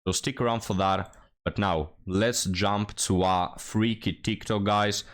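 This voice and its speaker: A man's voice: lowish voice, steady tone, a little slow. A young man hosting a reaction commentary video, mocking and sarcastic as he talks to his viewers. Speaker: commentary channel host.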